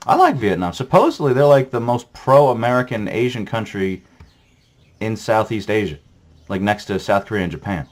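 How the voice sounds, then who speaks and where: A man's voice: lowish voice, sing-song, moderate pace. A man commenting crudely on a geography quiz he is playing, sarcastic and profane, rambling with lots of fillers.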